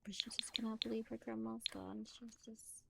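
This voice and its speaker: Woman gameplay storyteller, casual and filler-heavy, slightly high voice, lots of fry. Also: little pitch movement, a little fast, background noise. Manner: chatty, filler-heavy with frequent "like". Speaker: gameplay narrator. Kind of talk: casual let's-play storytelling.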